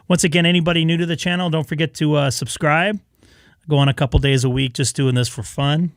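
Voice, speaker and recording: Casual ham radio host, a man going hoarse, relaxed and halting, dry close mic. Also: a little high, dry recording, rough recording. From Southern California. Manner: relaxed, halting with many fillers. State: losing his voice. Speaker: ham radio live streamer.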